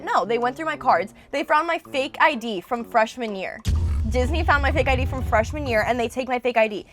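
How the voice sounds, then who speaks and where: Fast-talking young woman telling a story. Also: a little high, soft background music. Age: young adult. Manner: animated gossipy storytelling, swears freely. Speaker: podcast co-host. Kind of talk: casual storytelling chat.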